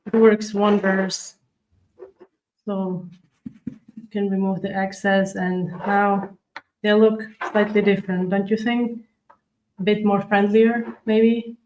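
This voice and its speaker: A woman's voice: mid-range voice, level tone, takes it slowly, pauses often, darkish tone, a little hiss or hum, poor audio. A woman hosting a live cookie-decorating stream, chatting with viewers and explaining each step as she works. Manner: chatty, demonstrates step by step while reading viewer comments. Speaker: cookie decorating livestream host. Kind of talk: live tutorial chat.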